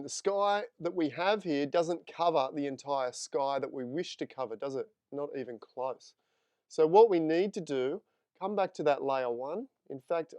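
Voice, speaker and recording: A man's voice: a little high, darkish tone, dry recording. A man teaching photo editing in a live screen-share tutorial, chatting with viewers as he works. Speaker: photography instructor.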